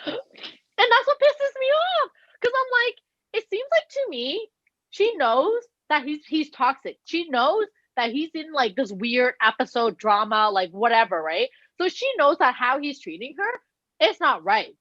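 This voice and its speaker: A woman co-hosts a casual chat podcast, retelling gossip and acting out every quote with animated, profane energy. Her voice sits high. The recording is dry but dull and lo-fi. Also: measured pace, dry recording. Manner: animated, swears freely, acts out quotes. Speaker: podcast co-host.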